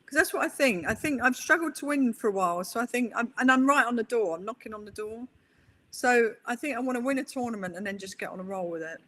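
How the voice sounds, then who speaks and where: A middle-aged woman, a guest on an interview podcast, telling stories in a chatty, animated way. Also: fairly high pitch, quick pace. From England. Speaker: guest, pool player. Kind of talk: interview conversation.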